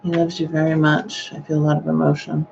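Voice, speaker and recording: Woman psychic reading live, soft and halting, a gravelly edge, muffled lo-fi recording. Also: sits low, monotone, a little hiss or hum. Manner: gentle, hesitant, with sighing exclamations. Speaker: psychic medium.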